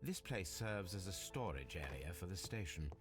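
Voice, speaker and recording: A composed detective in a video game, with a very deep voice and a lively, rising and falling delivery. He speaks in a measured, formal, precise way, and faint music plays underneath. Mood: businesslike. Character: Sherlock Holmes, composed brilliant adult male detective.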